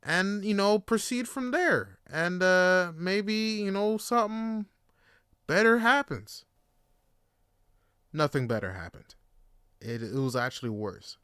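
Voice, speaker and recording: Young male podcaster, bright and smooth voice, rambling casual storytelling, very dry sound. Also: sits high, takes it slowly, pauses often, no room sound. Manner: rambling, filler-heavy, animated. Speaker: podcast host.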